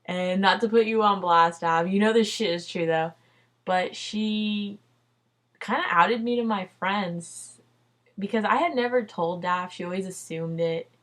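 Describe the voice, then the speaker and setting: A young adult woman vlogs a personal story, chatty and loose, peppered with "like" and "dude" and plenty of swearing. Her voice is medium in pitch and a little slow.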